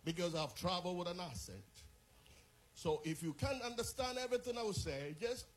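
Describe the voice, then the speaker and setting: A man's voice: sits high, lively intonation, a little fast. A man preaching as a visiting bishop from overseas, leading a sermon and prayer with fervent, rhythmic delivery and repeated phrases.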